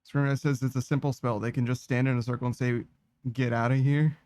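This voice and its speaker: A man's voice: medium pitch, flat delivery, fast talker, darkish tone, dry recording. Sardonic, swearing man playing a game. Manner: sardonic, profane, rambling. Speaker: gaming streamer. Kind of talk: let's play commentary.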